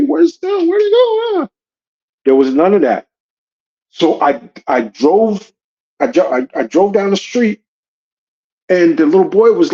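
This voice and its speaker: A man hosting a podcast, telling a story in a casual, slangy, animated way. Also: sits high, highs cut off. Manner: slangy and animated, says "yo" and "you know what I'm saying". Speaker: podcast host.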